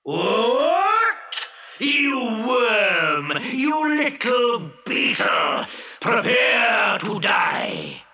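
A man's voice: very high voice, wildly swooping pitch, very slow, pushed and bright, raised voice, voice pushed up, full character voice. A man voicing a huge, boastful, bad-tempered male genie who bellows insults and shrieks. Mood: furious.

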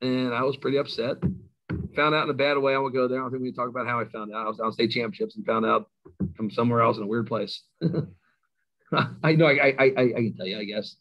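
A middle-aged man with a Kentucky accent, a high school coach telling stories as a guest, self-mocking and laughing often. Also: fairly even intonation, quick pace. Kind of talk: casual storytelling interview. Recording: slightly dull lo-fi sound.

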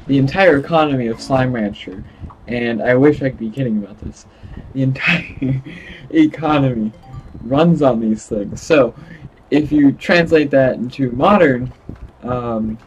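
A man's voice: mid-range voice, dull audio, slight background noise. A young man hosting a casual gameplay video, laughing often and stumbling over his words. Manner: giggly, stammering, playful. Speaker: gaming channel host.

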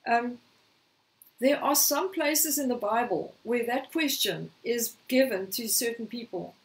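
High-voiced woman preaching, a little hoarse. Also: a little slow, distant mic, low-quality recording. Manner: storytelling, acting out quoted lines. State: slightly hoarse, clearing throat. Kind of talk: sermon.

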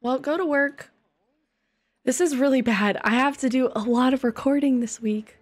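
A young woman casually commenting on a life-sim game she plays, her voice hoarse and congested, breaking into loud squeals of alarm now and then. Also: high voice, moderate pace. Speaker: gaming streamer. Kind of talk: casual let's-play commentary. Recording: faint game music behind.

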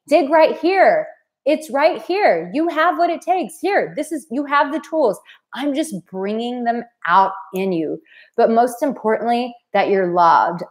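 Woman coach live streaming to her viewers, earnest and heartfelt, mid pitch. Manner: earnest, heartfelt, emotional at times. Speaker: dating coach and channel host.

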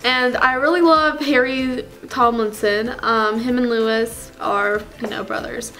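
A young woman acting out a clueless teenage fangirl who rambles breathlessly about her crushes, gasping and gushing at every turn. Her voice sits a little high, and faint music plays underneath. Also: fairly even intonation, unhurried, bright, forceful tone, poor audio. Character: gushing, clueless teenage girl fake fan. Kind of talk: comedy sketch character.

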